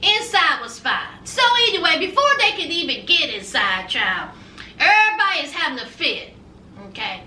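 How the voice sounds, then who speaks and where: A woman's voice: high-pitched, sing-song, moderate pace, sharp tone, distant mic, slight background noise. A woman reviewing reality TV in a casual, sassy vlog, calling her viewers honey and y'all. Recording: roomy echo, a bit off-mic.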